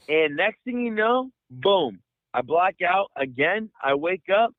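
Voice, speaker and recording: A man's voice: fairly high pitch, normal speed, no room sound. Profane rambling young man on a thin line. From San Francisco Bay Area. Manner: profane, rambling, animated storyteller. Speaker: podcast host. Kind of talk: casual storytelling. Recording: dry, phone-like audio.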